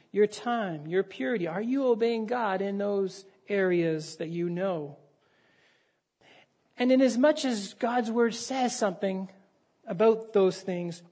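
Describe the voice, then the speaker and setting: A man's voice: high-pitched, a little mellow. A male pastor delivering a sermon, telling a story with acted dialogue and raising his voice for emphasis.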